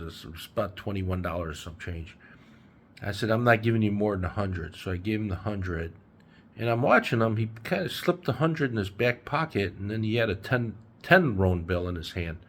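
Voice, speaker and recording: A man in his sixties with a fairly low voice makes a travel vlog on a handheld phone, with a little hiss or hum in the audio. He chats casually, rambling through stories full of fillers, first indoors in an apartment and later out on city streets.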